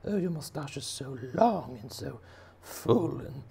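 Cartoon cleaner shrimp, tiny and fawning, squeaky falsetto pitched way up, gushing compliments. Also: male voice, animated, a little slow, creaky, a little mellow, slightly rough, heavily acted. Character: fussy little male cleaner shrimp, gushing flatterer.

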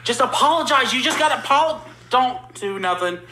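A man pleading with his father to calm down and apologize during a heated argument. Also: very high-pitched, fairly quick, background noise. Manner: pleading, trying to calm things down. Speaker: son mediating a dispute.

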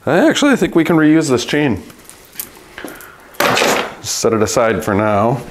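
Slow, deep-voiced Midwestern man. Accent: Midwestern American. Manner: talks through each repair step aloud, relaxed and matter-of-fact. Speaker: bike mechanic. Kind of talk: casual workshop narration. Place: bike repair workshop.

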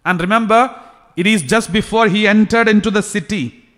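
A man, a priest, preaching a sermon slowly, repeating phrases and restarting sentences. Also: sits high, a bit bright. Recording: long reverb, hall.

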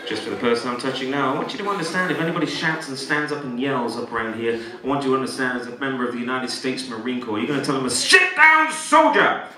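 A man working as a stage hypnotist in a live show, giving calm suggestions to volunteers and breaking into loud playful commands. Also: medium pitch, racing, few pauses, crowd noise. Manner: soothing commands switching to loud playful outbursts. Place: large hall with a live audience. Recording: echoey hall from far off, audience noise. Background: laughing audience.

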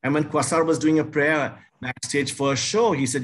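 A man's voice: on the high side, fairly even intonation, normal speed. A man speaking as a guest on stage, telling stories in an emphatic, effusive way. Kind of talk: casual storytelling on stage.

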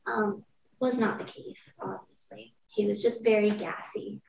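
A woman's voice: mid-range voice, steady tone, unhurried, creaky, a little mellow. A young woman talking candidly on a podcast, telling a personal story vividly with lots of casual fillers. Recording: roomy, distant, dull-sounding mic.

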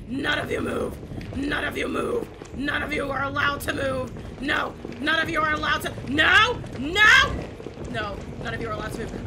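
Panicky high-voiced young woman gamer. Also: normal speed, background noise. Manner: panicky, repeats herself, swears, shouts at the game. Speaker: gaming YouTuber. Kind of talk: horror game let's play commentary.

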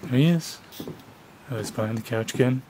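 Young man, middle-pitched voice, casual home video, coaxing his pet, faint background noise. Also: brisk. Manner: chatty, talks to the cat in a coaxing raised voice. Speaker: pet owner filming his cat. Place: family home indoors. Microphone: handheld camera.

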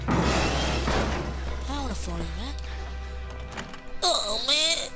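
A woman's voice: sits high, sing-song, takes it slowly. A woman casually commenting on a horror game she is playing, joking and mocking the characters. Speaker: let's play gamer. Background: game music.

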